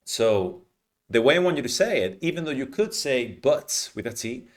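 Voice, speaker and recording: A man teaching English pronunciation, explaining patiently and modeling words slowly with clear stress. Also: medium pitch, sing-song. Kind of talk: teaching lesson, explaining reading aloud.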